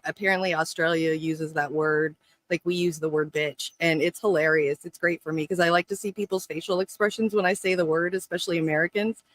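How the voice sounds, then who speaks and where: Profane, laughing co-host man, bright voice. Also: high-pitched, no echo. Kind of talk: casual political chat.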